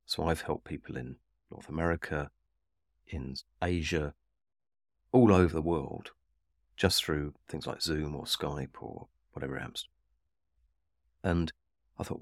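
Male trainer, very deep bass voice, dry close sound, reflective interview storytelling. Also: fairly even intonation, no echo. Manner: reflective, unhurried storytelling with frequent restarts. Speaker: Havening trainer. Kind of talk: personal story told in an interview.

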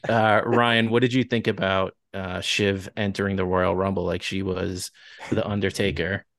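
Man, Long Island accent, casual podcast co-host, chatty, hedging, lowish voice, dry close sound. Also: little pitch movement, moderate pace, vocal fry, fairly bright tone, no room sound. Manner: chatty, leads the discussion with hedging asides. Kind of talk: casual recap chat.

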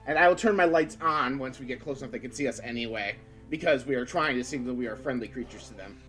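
A man's voice: mid-range voice, fast, fairly bright tone, soft background music. A man playing a tabletop game, talking casually in a hesitant, rambling way. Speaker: player.

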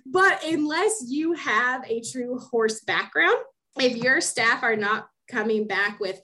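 A woman's voice: a little high, expressive, slow, pushed and bright, low-quality recording. A young adult woman co-hosting a casual podcast, talking emphatically, laughing often and repeating words as she thinks. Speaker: podcast co-host, horse program specialist.

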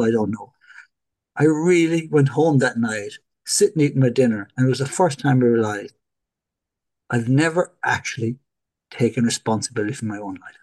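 A middle-aged Irish man, a podcast guest, telling stories in lively fashion and acting out dialogue. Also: medium pitch. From Ireland. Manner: animated, acts out dialogue in his stories. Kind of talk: storytelling in a podcast interview.

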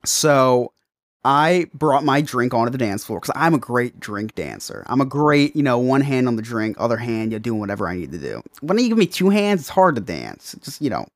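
Animated man telling stories on a dry mic. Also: mid-range voice, normal speed, dry recording. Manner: animated, self-mocking, frequent restarts. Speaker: podcast co-host. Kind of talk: casual storytelling chat.

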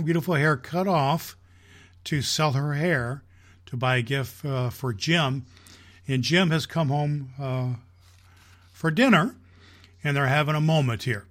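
Jolly slow-talking man as Santa. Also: fairly high pitch, fairly bright tone. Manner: jolly, slow and folksy with filler restarts. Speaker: podcast host playing Santa Claus. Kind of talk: storytelling reading aloud.

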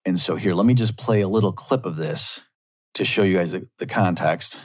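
Man, deep voice, commentary monologue, argumentative, rhetorical asides. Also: normal speed.

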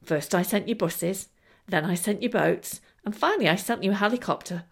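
A woman voicing a calm male deity who answers steadily. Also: medium pitch, creaky, slightly rough. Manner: calm, measured.

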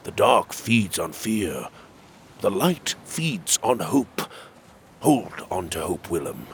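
A man voicing a wise, gentle guiding spirit who speaks slowly and calmly with lively pitch. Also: a little hiss or hum, full character voice. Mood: calm reassuring. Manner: slow, calm, reassuring.

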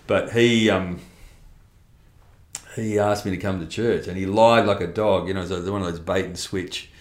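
A man's voice: low voice, fairly even intonation, normal speed, roomy sound. A middle-aged man telling a candid personal testimony in conversation, blunt and rambling with restarts and mild swearing. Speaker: interview guest.

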